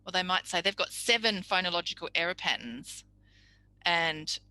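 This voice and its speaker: Casting: woman tutor, very bright clear tone, dry close recording, chatty lecturer. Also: fairly low pitch, animated, moderate pace, no echo, low-quality recording. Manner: warm, chatty, explanatory with acted examples. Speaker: speech pathology tutor.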